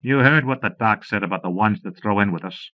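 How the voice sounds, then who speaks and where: A man rasping as a wiry menacing thug. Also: fairly low pitch, a little fast, no room sound, lightly acted. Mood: threatening. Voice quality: raspy. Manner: flat, threatening. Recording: muffled phone-like cassette audio.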